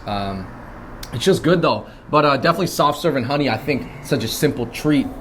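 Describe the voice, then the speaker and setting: A man's voice: mid-range voice, animated, fairly quick, fairly bright tone, a little hiss or hum. Laid-back young man chatting over dessert. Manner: laid-back, agreeable, talks while eating. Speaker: web video host. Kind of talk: casual interview chat. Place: dessert shop.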